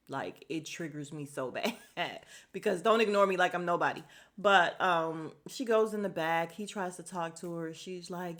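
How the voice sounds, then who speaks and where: A woman's voice: lowish voice, a bit bright. A woman hosting a casual podcast, recapping a reality show bluntly and swearing freely. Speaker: podcast host.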